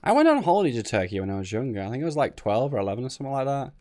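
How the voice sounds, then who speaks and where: Casting a strategy game tournament on stream, this man offers loose live commentary, reasoning out loud and straying into rambling tangents. He talks at a racing clip in a sing-song, mid-range voice that's a little mellow, with soft music playing underneath.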